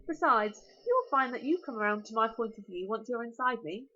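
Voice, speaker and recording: Storybook dragon: a huge, smug male beast, cheerfully menacing, read by a British woman, lively and high, lo-fi. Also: brisk. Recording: lo-fi recording.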